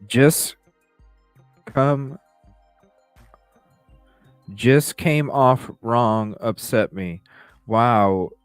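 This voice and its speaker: A man's voice: mid-range voice, very slow, long pauses, clean tone, no echo, soft background music. A man hosting a podcast, reading text messages aloud and reacting with profane, incredulous commentary. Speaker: podcast host.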